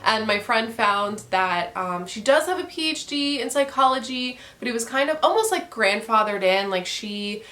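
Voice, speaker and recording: A woman's voice: a little high, animated, normal speed, hardly any pauses, bright, forceful tone. A young woman in a casual book review chat, ranting with frequent swearing and laughter. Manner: profane, ranting, laughs often.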